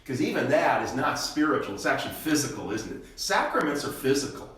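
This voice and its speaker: A man's voice: mid-range voice, very animated, a little fast, a bit bright. An older man, a pastor leading a Bible study class, teaching with rhetorical questions and a habit of tagging sentences with "okay?". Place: church classroom. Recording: echoey church room, mic far off.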